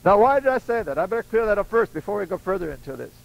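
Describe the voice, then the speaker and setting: A man's voice: sits high, very animated, rapid-fire, gravelly, rough recording. An older man preaching a folksy storytelling sermon, acting out voices in his stories. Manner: acts out voices in his stories, chuckling asides.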